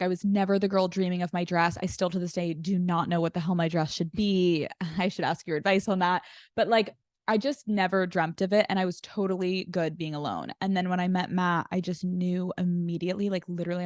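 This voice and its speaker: A woman's voice: fairly low pitch, dry recording, clean studio sound. A woman guesting on a podcast, telling a personal story in casual chat, filling her talk with "like". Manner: chatty storyteller with frequent "like" fillers.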